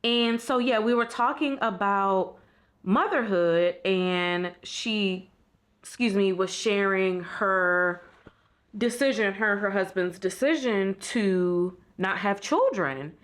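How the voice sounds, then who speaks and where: Sitting in bed in a hotel room, a woman vlogger speaks slowly into a compact vlog camera in a middle-pitched, fairly bright voice. Her casual, reflective talk is candid and heartfelt, peppered with lots of "like" fillers.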